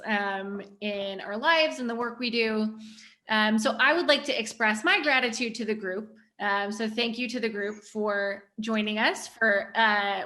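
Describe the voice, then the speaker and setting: A woman hosting a workshop, gently and playfully guiding a group through a mindful-eating ritual over a video call. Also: mid-range voice. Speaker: workshop host.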